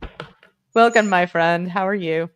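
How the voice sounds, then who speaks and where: A woman hosting a live stream in a relaxed, meandering way. She talks slowly in a fairly low voice, full of fillers and playful little asides. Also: clean tone. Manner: rambling, chatty, many fillers, playful asides. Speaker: livestream host. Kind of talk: casual livestream chat.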